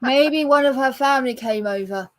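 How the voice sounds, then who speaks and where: A woman guest in a casual podcast chat, soft-spoken and joking. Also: high-pitched, moderate pace, no room sound, clean studio sound.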